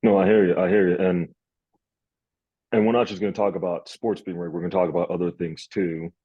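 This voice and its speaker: Young male host, deep husky voice, rambling storyteller, lo-fi recording. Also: little pitch movement, fairly quick, dry recording. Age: young adult. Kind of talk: casual interview.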